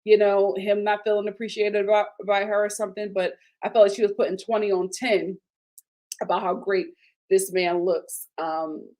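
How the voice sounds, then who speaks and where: A woman hosting a casual reality TV review. She talks in an animated, emphatic way and repeats her lines for effect. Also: on the low side. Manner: retells scenes in quoted voices. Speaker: host of a TV recap channel.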